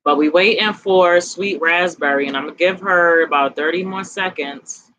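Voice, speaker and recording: A woman giving tarot readings on a casual live stream, chatting in a relaxed, slangy way, tired and sweaty. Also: on the low side, moderate pace, poor audio. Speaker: tarot reader.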